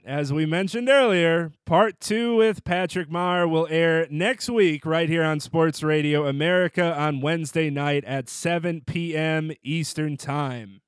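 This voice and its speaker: A man's voice: fairly high pitch, a little slow, few pauses, clean tone, no echo. A man hosting a sports podcast, reading a scripted segment in a wry, playful way. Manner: wry, playful delivery with jokey put-on voices. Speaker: podcast host.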